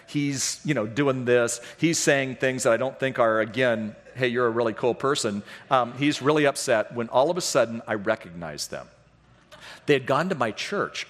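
Storytelling pastor in a reverberant church. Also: male voice, mid-range voice. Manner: animated, self-deprecating, acts out voices in his stories. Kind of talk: storytelling sermon. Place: church sanctuary. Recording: long hall reverb.

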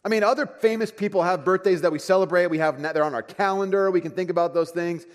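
A pastor in his thirties preaches in a large hall, and a long reverb trails each phrase. His voice sits fairly high for a man. He tells stories with energy, dropping to hushed asides and then rising into excited bursts. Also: quick pace. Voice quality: animated storyteller, swings from soft asides to excited bursts. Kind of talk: sermon.

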